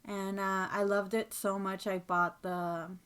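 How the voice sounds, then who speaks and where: A woman co-host in casual conversation, her voice sitting at an ordinary middle pitch. She talks in a chatty, loose way, laughs often, and gets worked up when she rants. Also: level tone, slow pace, a bit bright, clear, resonant tone. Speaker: podcast co-host. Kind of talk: casual chat.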